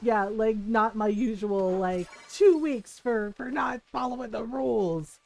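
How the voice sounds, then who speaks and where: A woman's voice: a little high, unhurried, gravelly, darkish tone, rough recording. A woman livestreamer chatting casually as she tells a story during a game, laughing often and acting out the dialogue. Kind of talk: casual storytelling while gaming.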